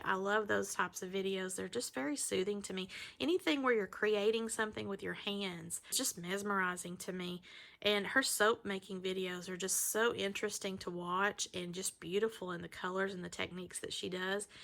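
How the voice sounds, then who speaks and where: Gushing woman with a gravelly, bright voice. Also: mid-range voice. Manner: gushing, emotional, exclaiming over each item. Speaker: vlogger showing handmade soap mail. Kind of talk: casual unboxing chat.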